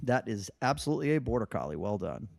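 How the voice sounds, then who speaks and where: Lively, laughing male quiz host. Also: fairly low pitch, fast talker, gravelly, no room sound, studio quality. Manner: laughs often, loose and joking. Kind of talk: casual podcast quiz hosting.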